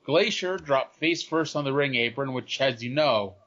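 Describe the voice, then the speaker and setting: A man's voice: medium pitch, normal speed, fairly bright tone, lo-fi sound. A man co-hosting a podcast, chatting casually and dropping dry, sarcastic asides. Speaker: podcast co-host. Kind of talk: casual wrestling recap chat.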